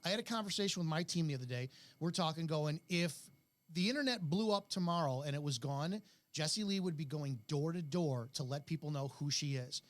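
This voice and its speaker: A man's voice: fairly high pitch, brisk. A middle-aged man hosting an interview, talking bluntly in long rambling turns. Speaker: host. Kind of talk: interview, casual chat.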